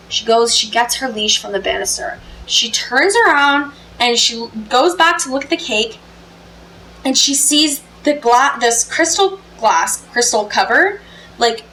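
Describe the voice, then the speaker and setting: A woman's voice: sits high, a bit bright, a little hiss or hum, poor audio. A woman telling a story to camera in a casual, chatty way, full of fillers. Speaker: storytelling vlogger.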